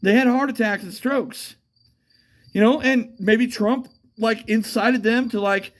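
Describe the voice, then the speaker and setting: A man's voice: high-pitched, unhurried. A man rambles through a casual monologue. He swears freely, trails off, and circles back with fillers and repeated starts, as if talking off the cuff outdoors at night. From United States. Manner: profane, meandering, with frequent fillers and restarts.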